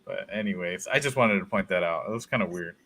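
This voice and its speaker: Laid-back man with a bright tone. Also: low voice, quick pace, vocal fry. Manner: laid-back, profane banter. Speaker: podcast co-host. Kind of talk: casual movie review chat.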